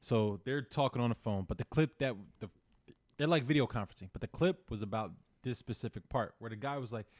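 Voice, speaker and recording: A man's voice: mid-range voice, brisk, dry recording. A man co-hosting a podcast, telling stories in a loose, rambling way with plenty of swearing. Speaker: podcast co-host. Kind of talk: casual chat, storytelling.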